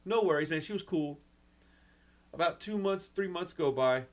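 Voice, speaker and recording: A man's voice: a little high, expressive, moderate pace. A man who hosts his own channel and runs a record store, talking in a rambling, frustrated way, close to tears. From United States. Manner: rambling, frustrated, swears mildly, says "man" and "dude" often. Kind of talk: emotional personal rant to camera.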